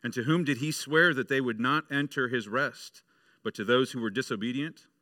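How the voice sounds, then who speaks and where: Male pastor, sermon storyteller, bright and dry. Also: mid-range voice, normal speed, dry recording. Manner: storytelling, acting out voices.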